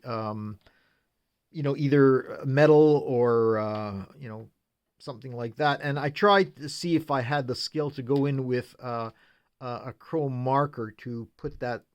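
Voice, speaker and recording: Hobby model builder, male, mid-pitched voice, easygoing step-by-step walkthrough with lots of filler words. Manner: unhurried, explains step by step, frequent "uh" fillers.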